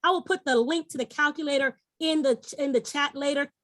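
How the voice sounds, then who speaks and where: A woman's voice: high-pitched, a little fast, fairly bright tone, no echo. A middle-aged woman giving an enthusiastic, persuasive sales presentation online, talking straight to her audience.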